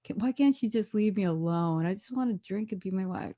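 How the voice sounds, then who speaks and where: A man's voice: high voice, brisk, warm tone, dry recording, clean studio sound, lightly acted. A woman mimicking a careless young man who is fed up with a nagging partner, muttering dismissively.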